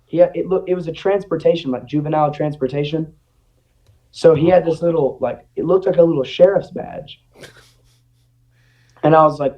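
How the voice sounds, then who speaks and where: A man's voice: fairly high pitch, normal speed, long pauses. A young man telling a personal story in casual chat, acting out what people said. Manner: animated, acts out quotes. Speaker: guest. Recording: dull lo-fi audio.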